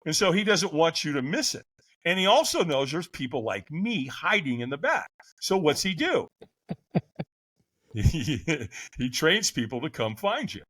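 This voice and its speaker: A middle-aged man, a podcast guest, telling a story with lively, acted-out voices and frequent laughs. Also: mid-range voice. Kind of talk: animated storytelling.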